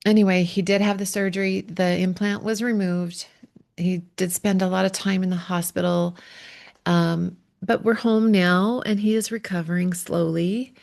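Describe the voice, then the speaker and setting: A middle-aged woman coach talks through a personal monologue for her podcast. Her voice sits low and carries a gravelly fry. She speaks from the heart and pauses now and then to steady herself. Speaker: relationship coach.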